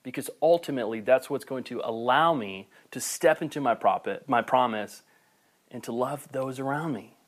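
A man preaching a sermon, passionate and building to near-shouting before softening, with playful asides to the camera. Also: medium pitch, normal speed. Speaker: pastor. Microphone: camera recording.

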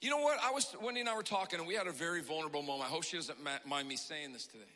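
Bright-voiced, emotional preaching man. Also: fairly high pitch, rapid-fire, long reverb tail. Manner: emotional, preaching with rising passion and shouts. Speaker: pastor. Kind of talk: sermon. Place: church hall.

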